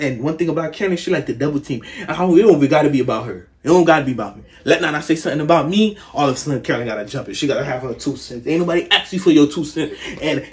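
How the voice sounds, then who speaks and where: Animated slangy young guy. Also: fairly high pitch. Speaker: family member roasting relatives. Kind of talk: casual chat.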